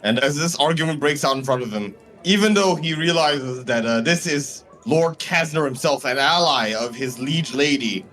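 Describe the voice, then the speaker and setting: A male tabletop player describes what his character does, speaking in a measured way with short pauses. His voice sits a little high for a man, and faint music plays behind him. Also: lively intonation, fairly bright tone.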